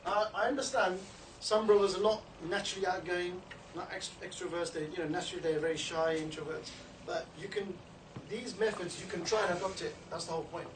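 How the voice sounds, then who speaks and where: A man's voice: steady tone, brisk. A man giving an informal training talk to a group, chatty and often checking in with "you know" and "yeah?". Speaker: street outreach trainer. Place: indoor meeting room. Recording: low-quality recording, distant mic in an echoey room with background noise.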